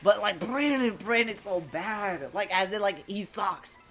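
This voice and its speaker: Lively young woman streamer chatting casually. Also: medium pitch, unhurried, a little hiss or hum. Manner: loose, profane and jokey, addressing chat as bro. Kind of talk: casual live-stream chat.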